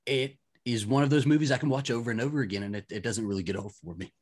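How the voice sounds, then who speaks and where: A man's voice: mid-range voice, racing, husky. A young man talking casually on a podcast, hesitant, often repeating words and laughing. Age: young adult. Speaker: podcast guest. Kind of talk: casual chat.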